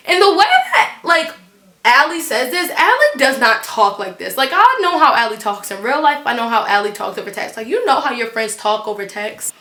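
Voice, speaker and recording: A teenage girl telling a storytime on her vlog, animated and blunt, swearing freely. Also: high voice, moderate pace, reverberant. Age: teens. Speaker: vlogger.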